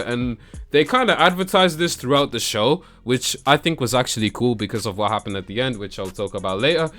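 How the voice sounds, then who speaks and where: A young man recapping wrestling shows in a casual vlog, excitable and slangy, laughing often and mimicking the wrestlers. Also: mid-range voice. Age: young adult. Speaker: wrestling YouTuber. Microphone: camera that tracks him.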